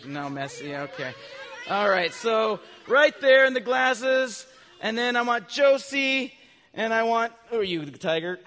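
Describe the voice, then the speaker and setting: A man preaching a children's sermon, asking his listeners questions and answering them himself, with animated bursts of loud emphasis. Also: high voice. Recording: long reverb from a large hall.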